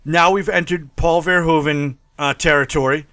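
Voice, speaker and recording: A man's voice: a little high, fairly even intonation, moderate pace, pushed and bright, slight background noise. A man co-hosting a casual movie discussion, acting out scenes with mock quotes and laughter. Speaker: podcast co-host.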